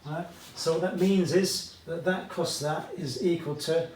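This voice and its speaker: A man's voice: fairly high pitch, steady tone, a little slow, a little mellow, a little hiss or hum. A British man teaching a maths lesson at a whiteboard, chatty and fond of asides, checking in with "okay?" often. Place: classroom with whiteboard. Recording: echoey room, voice from far off.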